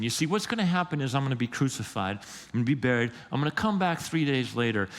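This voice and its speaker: A man's voice: mid-range voice, very animated, fast, few pauses, fairly bright tone. A man preaching a sermon as a pastor, in a casual, emphatic way, often repeating words as he builds up a point. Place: church sanctuary. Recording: long reverb of a church hall.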